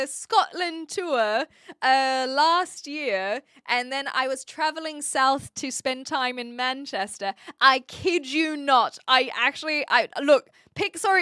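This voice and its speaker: Bright high-voiced New woman streamer. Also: dry recording, clean studio sound. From New Zealand. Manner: chatty, animated, frequent fillers and restarts. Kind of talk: casual live-stream chat reading viewer messages.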